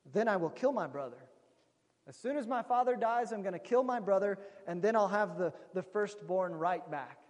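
A man's voice: high-pitched, expressive, normal speed, a little mellow. A man voicing an angry young man vowing revenge on his brother, heard in a hall with a long reverb. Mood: vengeful.

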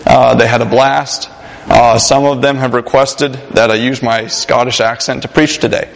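A man's voice: mid-range voice, fairly even intonation, normal speed, gravelly. A young man preaching a sermon in a church, casual and joking with many fillers. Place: church sanctuary. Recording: long hall reverb.

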